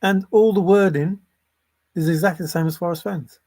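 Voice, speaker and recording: A man's voice: high-pitched, fairly even intonation, normal speed, mellow. A man giving unscripted solo commentary as a treasure-hunt vlogger, sarcastic and exasperated, swearing and repeating phrases for emphasis.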